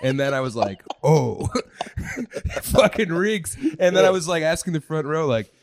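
A comedian in casual chat, telling a story and jumping up in pitch as he acts out what he said. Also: fairly quick, a little hiss or hum. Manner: lively, jumps high when acting out quotes. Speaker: stand-up comedian.

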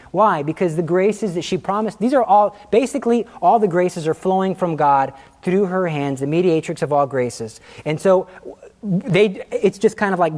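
A man teaching a class through personal stories, his voice sitting a bit high for a man. He tells his stories with animation, breaks into laughter at his own jokes and acts out the people he quotes. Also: a little mellow. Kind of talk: anecdotal classroom talk.

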